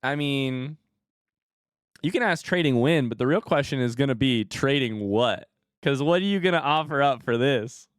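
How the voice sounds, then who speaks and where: A young adult man hosting a casual live stream, talking to chat and swinging from hushed remarks to loud excited outbursts. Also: mid-range voice, moderate pace, clear, resonant tone, no echo, studio quality. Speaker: streamer host.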